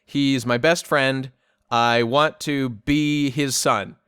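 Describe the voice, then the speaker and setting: A man's voice: medium pitch, fairly even intonation, slow, a bit bright, smooth. A young man hosting a casual podcast chat, joking, laughing often and trailing off mid-sentence. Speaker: podcast host.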